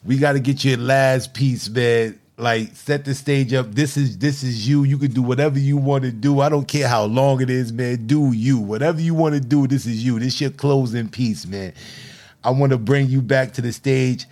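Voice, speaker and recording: Male host, gravelly mid-range voice, encouraging and laughing, casual. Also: medium pitch, moderate pace, a little mellow. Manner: laughs a lot, encouraging, says "man" often. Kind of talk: casual chat, hosting a poetry show.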